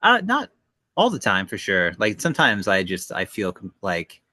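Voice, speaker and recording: Deep, bright, hesitant man reflecting. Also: wildly swooping pitch, moderate pace, dry recording. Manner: hesitant, reflective, many fillers. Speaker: podcast co-host. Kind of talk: casual podcast chat.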